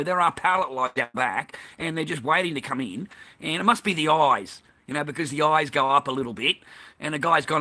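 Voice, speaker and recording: An Australian man vents in a fiery, profane monologue, circling back over the same complaints. His voice sits a little high and rings bright and forceful. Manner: profane, heated and repetitive. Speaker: vlogger. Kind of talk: angry ranting monologue.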